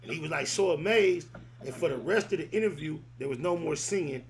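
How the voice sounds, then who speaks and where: A man's voice: on the high side, expressive, a little fast, creaky. A man hosting a podcast, telling stories casually in loose street slang. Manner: loose, rambling storytelling full of street slang. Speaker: podcast host. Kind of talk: casual chat.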